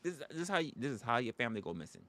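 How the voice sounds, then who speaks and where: A man's voice: medium pitch, sing-song, rapid-fire, a bit bright. A man hosting a livestream, ranting comically and profanely. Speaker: livestream host. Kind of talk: comedic rant.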